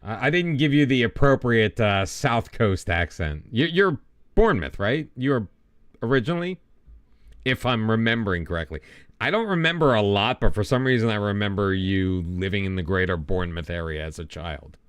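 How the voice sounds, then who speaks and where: Rambling man, lively low voice. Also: moderate pace, clean tone, dry recording. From United States. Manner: rambling and self-deprecating, with many restarts. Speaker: game streamer. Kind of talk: casual live-stream chat.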